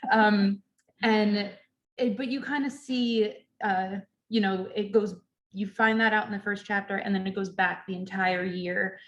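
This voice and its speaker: A woman on the library staff chats about a book in a relaxed, conversational way. She talks at an everyday pitch, filling her sentences with ums and likes. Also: unhurried, lo-fi sound. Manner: chatty, many ums and fillers. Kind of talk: casual book talk. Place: library event, recorded online.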